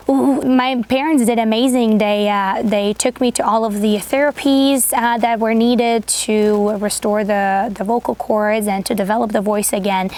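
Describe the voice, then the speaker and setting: A woman of thirty hosting a sewing channel, with a high, unusual voice that some call squeaky, chatting earnestly with lots of fillers and restarts. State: voice getting tired and groggy. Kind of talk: casual chat to camera.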